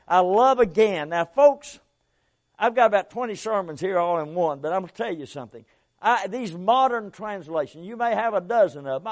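High-voiced man preaching a sermon. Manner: emphatic, with big swings from loud to quiet; folksy asides and repeated phrases.

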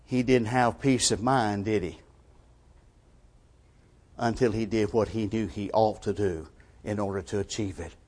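A man's voice: on the low side, steady tone, unhurried, long pauses. Emphatic man preaching a sermon. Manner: emphatic, rhetorical questions, swings between quiet and forceful.

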